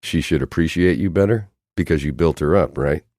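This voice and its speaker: A man voicing a hard, brooding male agent in an audiobook, blunt and needling in a low, controlled voice. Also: a little fast, a little mellow, no echo, clean studio sound.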